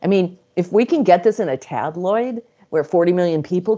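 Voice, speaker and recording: A woman's voice: on the low side, brisk. Chatty woman recounting stories with laughs. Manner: animated, laughs often, acts out quotes. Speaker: interview guest, psychic channel. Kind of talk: casual storytelling interview.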